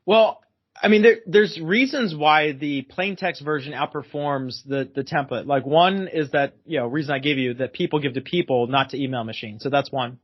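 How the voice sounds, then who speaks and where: A man's voice: fairly high pitch, normal speed. A man as a guest expert on a podcast interview, explaining at length and emphatically repeating his key phrases. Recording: dull lo-fi sound.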